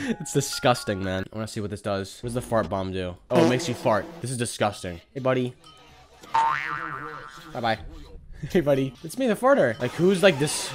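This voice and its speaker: A man giving casual, sarcastic gameplay commentary, joking around and breaking into sudden high squeals and shouts. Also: lively intonation, moderate pace, pauses often. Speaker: gaming commentator. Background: game music.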